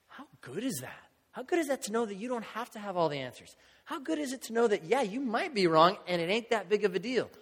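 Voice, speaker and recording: A middle-aged pastor with a high, slightly bright voice preaches a conversational sermon, acting out the voices of people in his stories. Long hall reverb carries through the recording.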